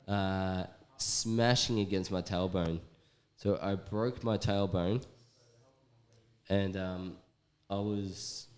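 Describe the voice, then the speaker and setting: Deep-voiced man telling a rambling story. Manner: rambling, swears often, many fillers. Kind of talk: casual storytelling chat.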